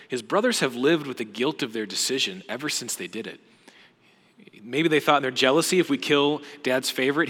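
A young adult male pastor tells a Bible story in a sermon, acting out voices and dropping to hushed asides. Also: mid-range voice. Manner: animated retelling with voiced quotes and hushed asides. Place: church auditorium. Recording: long hall reverb.

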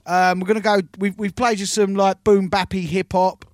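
A man working as a radio DJ, reading out listener shout-outs and introducing tunes in chatty, cheeky patter from a studio. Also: high-pitched, flat delivery, normal speed, dry recording.

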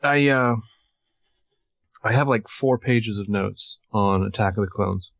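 A man with a fairly low voice co-hosts a laid-back podcast. His humor is wry and understated, often half-mumbled. The recording is dry and close. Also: takes it slowly, creaky, fairly bright tone, no room sound. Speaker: podcast co-host. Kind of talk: casual podcast banter.

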